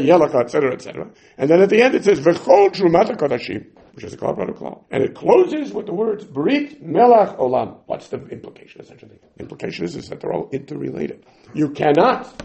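A man teaching a Talmud lesson, animated and acting out the voices of the sages and side characters as he explains. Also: on the high side.

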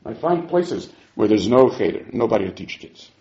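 Animated man teaching a Talmud class. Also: lowish voice, moderate pace. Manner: animated, acts out quotes, chuckles. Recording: muffled lo-fi recording.

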